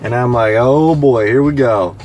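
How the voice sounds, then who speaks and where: Mann erzählt locker Fahrgeschichten, leise Musik. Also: male voice, medium pitch, moderate pace, a little mellow, faint music behind. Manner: conversational, many fillers, mimics passengers in quoted lines. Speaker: ride share driver. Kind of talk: casual storytelling. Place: in a car.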